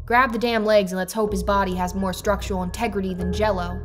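A woman's voice: mid-range voice, steady tone, fast talker, faint music behind, lightly acted. Woman voicing a scornful female chief doctor. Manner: sharp, scornful and commanding. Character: brusque, cutting female chief of medicine.

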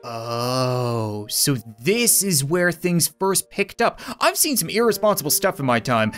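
A man narrates his own video game session with sarcastic, jokey asides. His pitch swings widely and lively from one phrase to the next, and faint music runs underneath. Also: unhurried. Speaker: gaming YouTuber. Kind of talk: let's play commentary.

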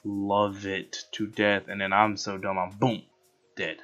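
A man casually commentating over his own gameplay footage, rambling, excitable and poking fun at himself. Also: on the low side, measured pace. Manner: rambling, excitable, self-mocking. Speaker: gaming channel host. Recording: dull lo-fi with background music.

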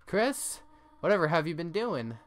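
A man voicing a kindly, fussing motherly goat monster woman from a video game, scolding gently and doting. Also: mid-range voice, steady tone, fast talker, clear, resonant tone, natural voice.

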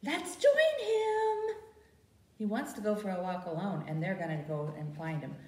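A woman's voice: fairly low pitch, fast talker. A woman librarian leading a baby storytime, talking in a sing-song way and asking the little ones questions as she reads a picture book. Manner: animated, sing-song, asks babies questions. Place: library program room. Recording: roomy sound from a distance.

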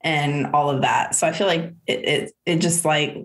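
A woman guest on a podcast, talking casually and quickly, with wry quips and free swearing. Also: low-pitched, steady tone, a loud crowd. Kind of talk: casual chat.

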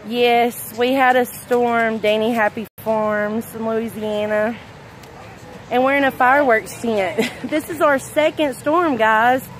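A middle-aged Southern woman from Arkansas talks in an unhurried, drawn-out way, her voice sitting a touch high. She chats warmly to her viewers from outdoors, slightly out of breath, with a phone mic at arm's length and faint wind and traffic behind her. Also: steady tone, low-quality recording. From Arkansas, USA. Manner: chatty, affectionate, reads comments aloud, frequent laughs. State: a little out of breath. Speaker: livestream host. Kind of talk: casual livestream chat. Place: outdoors at a fireworks tent after a storm. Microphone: phone held at arm's length.

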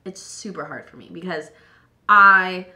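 Young woman vlogger, tipsy and slightly hoarse, bright-voiced, chatty and profane. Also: on the low side, measured pace. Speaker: beauty vlogger. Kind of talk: tipsy casual chat while doing makeup.

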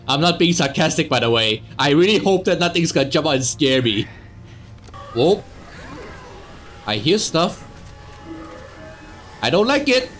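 A young man giving sarcastic let's play commentary on a horror game, swearing and yelling at jump scares. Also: a little high. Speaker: gaming YouTuber.

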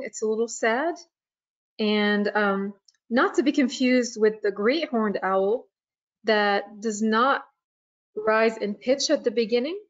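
A woman on the staff of a nature preserve giving a webinar presentation, talking slowly with frequent fillers and pauses. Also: medium pitch, highs cut off. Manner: slow, hesitant, many fillers.

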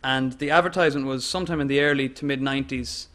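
A man with an Irish accent giving an academic lecture in a measured way, with fillers and restarts. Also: medium pitch, fairly even intonation, a bit bright. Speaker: guest lecturer.

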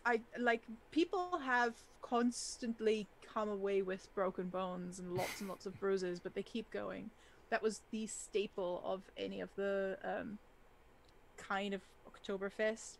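A woman from Austria with an Austrian accent, co-hosting a casual podcast chat, lively and swearing freely. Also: mid-range voice, normal speed, vocal fry, a little hiss or hum. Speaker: co-host.

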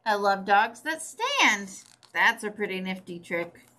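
A woman's voice: mid-range voice, very animated, unhurried. A woman librarian reading a picture book aloud, asking the children questions between pages. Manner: bright storytelling with questions to children.

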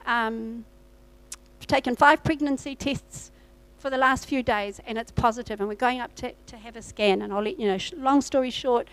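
High-voiced New woman preaching. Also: steady tone, moderate pace, a bit bright, clear, resonant tone, rough recording. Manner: storytelling, acts out her own past dialogue. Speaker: pastor. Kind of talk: sermon with personal testimony. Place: church.

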